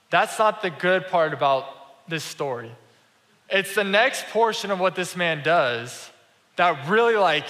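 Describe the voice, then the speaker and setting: Bright-voiced man preaching in a hall. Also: on the high side. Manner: conversational storytelling, acts out quoted dialogue. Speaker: pastor. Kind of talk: sermon. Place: church sanctuary. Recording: reverberant church hall.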